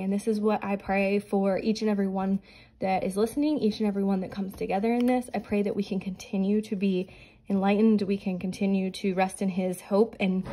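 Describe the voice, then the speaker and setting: On a rough recording, a young adult woman with a medium-pitched voice hosts a budgeting vlog, slightly out of breath from pregnancy. Her casual chat and scripture reading come across soft, earnest, and prayerful.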